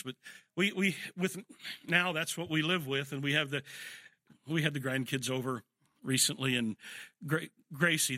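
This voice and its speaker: A man's voice: medium pitch, bright, forceful tone, no room sound, studio quality. An older man preaching a sermon, telling family anecdotes and acting out firm commands to children. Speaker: pastor.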